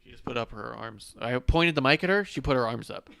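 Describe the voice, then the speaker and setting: A man's voice: medium pitch, lively intonation, a little fast, vocal fry, sharp tone. A young adult man from the United States hosting a casual wrestling podcast, joking loosely and drinking on air. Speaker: podcast host.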